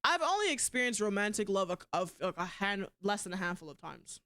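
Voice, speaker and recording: A young woman streaming live, chatting casually and bluntly, swearing a lot and swinging between loud outbursts and quieter asides. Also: mid-range voice, smooth. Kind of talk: casual livestream chat.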